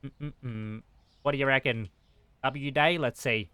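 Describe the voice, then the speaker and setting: A young man commentates his game live, flustered and talking back to in-game customers. His voice is bright and forward, with a crisp, clear tone. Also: medium pitch, takes it slowly, dry recording. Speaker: streamer. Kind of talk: live-streamed gameplay commentary.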